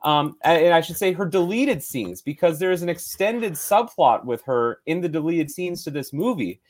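A man co-hosting a podcast in casual chat, animated with wry asides. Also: on the high side, moderate pace. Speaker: podcast co-host.

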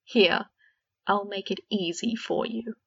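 Boggart Fred, loud and scornful, as a woman reads him. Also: mid-range voice, takes it slowly, gravelly, husky, muffled recording, exaggerated voice. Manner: bitter, scornful, loud and taunting. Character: shape-shifting creature as a dead young man, raging and mocking.

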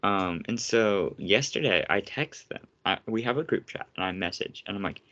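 A man's voice: on the low side, moderate pace, hardly any pauses, a bit bright, muffled recording. A young man hosting a casual podcast, ranting sarcastically and swearing often. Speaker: podcast host.

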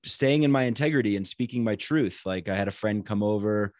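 A man with a very low voice speaks as a guest on a podcast, thinking aloud in a halting, reflective way and often circling back over his words. The recording is dry and close, with no room sound. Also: darkish tone, no echo. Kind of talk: casual conversation.

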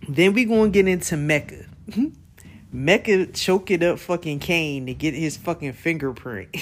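Slow-talking man hosting a casual podcast. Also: on the high side. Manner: slangy and profane, laughs often, acts out his reactions. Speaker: podcast host. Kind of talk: casual TV recap chat.

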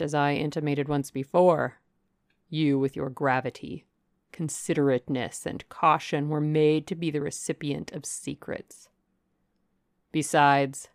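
Woman reading as a brooding, passionate gentleman. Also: low-pitched, dry recording, clean studio sound. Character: brooding, passionate gentleman, middle-aged man. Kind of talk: audiobook character reading.

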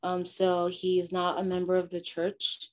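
A young woman from Nigeria, giving a halting personal testimony full of fillers and restarts. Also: lowish voice, completely flat delivery. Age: young adult. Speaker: interviewee.

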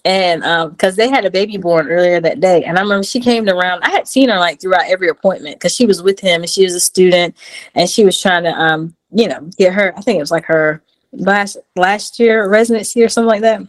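A woman in her thirties tells her story with lively energy. She jumps up in pitch to act out quotes, then drops back to a casual, chatty voice. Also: brisk, rough recording. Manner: animated, acts out quotes in a high voice. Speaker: guest.

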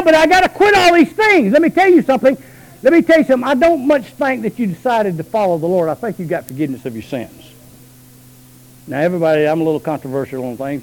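A man preaching a sermon, moving between low, quick asides and high, drawn-out shouted calls. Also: poor audio.

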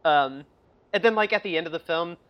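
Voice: mid-range voice, brisk, highs cut off. Giggly rambling movie podcaster. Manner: giggly, rambling, acts out scenes in quoted voices. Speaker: movie review podcast co-host. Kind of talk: casual chat.

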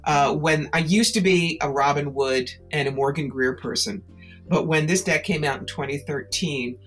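Low-voiced woman, emphatic storyteller. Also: moderate pace, soft background music. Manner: animated storyteller, emphatic and persuasive. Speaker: author and psychic tarot reader. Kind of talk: interview conversation.

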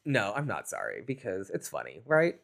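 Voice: sits low, huge pitch swings, normal speed, creaky, a bit bright. Laid-back New York podcast co-host. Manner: laid-back, dry jokes, frequent agreeing murmurs. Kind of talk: casual chat.

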